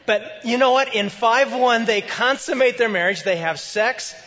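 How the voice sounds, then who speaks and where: Man, pastor, conversational sermon, animated delivery, dull lo-fi sound, echoey hall. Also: extremely high pitch, normal speed. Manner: conversational, animated preaching with acted quotes.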